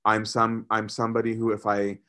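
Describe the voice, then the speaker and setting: A man's voice: lowish voice, completely flat delivery, brisk, bright, forceful tone. A man giving a conversational sermon as a priest, often repeating words as he gathers his thoughts.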